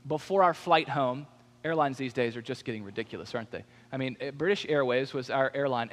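A man preaching a sermon, telling a personal story in a conversational, animated way. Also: on the high side. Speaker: pastor. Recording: long hall reverb.

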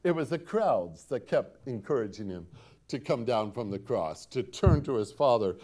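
A man with a mid-range, dark-toned voice preaches a sermon as a pastor, speaking at a normal speed with lively intonation. He quotes scripture dramatically, building emphasis and repeating lines. He also poses rhetorical questions to the congregation.

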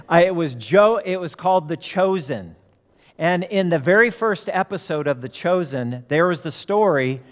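A pastor with a fairly high voice preaches a sermon in a big-sounding room, telling stories and acting out the voices of the people in them.

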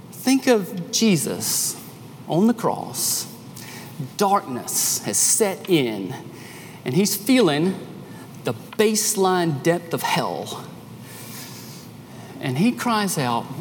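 A man preaching a sermon as pastor, emphatic and animated, restarting his phrases as he builds each point. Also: high-pitched, extremely slow, long pauses, a little hiss or hum. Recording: long echo of a hall, faint ambience.

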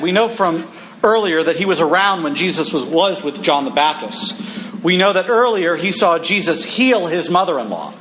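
A man preaching a conversational sermon, humorous at times and slowing down for emphasis. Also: fairly high pitch, a bit bright, slight background noise.

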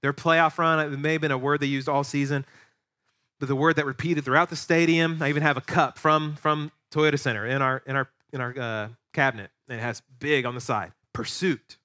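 Animated pastor preaching a sermon. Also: male voice, a little high, a little fast. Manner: animated, acts out quoted voices. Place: church sanctuary.

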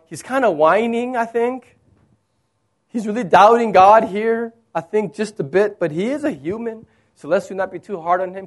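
A male pastor preaching a sermon, moving between plain explanation and dramatic readings of quoted lines. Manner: expressive preaching, acts out quoted lines with rising pitch.

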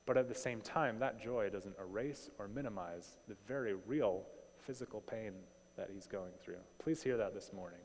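A man delivers a sermon in an easygoing, animated voice that sits a little low. He keeps asking his listeners rhetorical questions. The sound rings with a long reverb, as in a church sanctuary. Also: normal speed, hardly any pauses, a little hiss or hum. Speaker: pastor.

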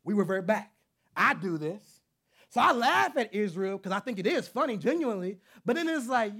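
A man's voice: high voice, very animated, moderate pace, a bit bright, slightly rough. A man preaching a sermon, earnest and conversational, with repetitions that build to emphatic peaks. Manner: earnest, repeating himself, rising to emphatic peaks.

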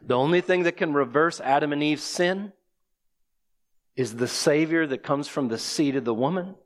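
A man's voice: fairly high pitch, normal speed. Man, preacher, sermon, explains scripture verse by verse, rhetorical questions. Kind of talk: expository sermon.

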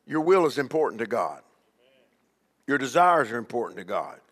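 A man's voice: medium pitch, very animated, normal speed, a bit bright, big-room sound. A man preaching as a bishop, emphatic, with call-and-response and repeated questions to the congregation. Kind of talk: sermon.

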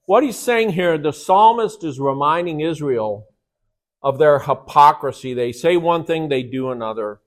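A man's voice: a little high, expressive, moderate pace. A man preaching a sermon to his church, emphatic and often asking rhetorical questions. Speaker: pastor.

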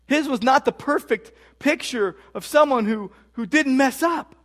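A man's voice: extremely high pitch, unhurried, fairly bright tone. A man preaching a sermon as pastor, emphatic and repeating key phrases for stress. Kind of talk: expository sermon.

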